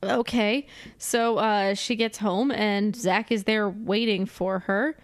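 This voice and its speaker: A woman's voice: mid-range voice, steady tone, takes it slowly, no room sound, clean studio sound. A woman co-hosting a casual podcast, recapping a film scene by scene, chatty and laughing often. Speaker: podcast co-host.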